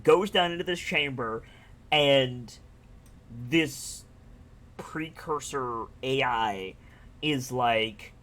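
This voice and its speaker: A man in casual conversation about video games, retelling scenes excitedly, laughing often and swearing casually. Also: medium pitch, very slow, pauses often. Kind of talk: casual gaming chat.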